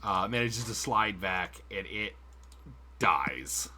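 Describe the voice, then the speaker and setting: A man's voice: lowish voice, expressive, slow pace, background noise. A man running a tabletop game as game master, casual and swearing, with frequent laughs. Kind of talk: narrating a tabletop game on stream.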